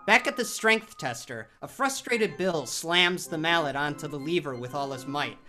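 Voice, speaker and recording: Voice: mid-range voice, expressive, normal speed, soft background music. A narrator telling a horror audio drama in a vivid storytelling style. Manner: vivid, storytelling delivery with sound-effect shouts.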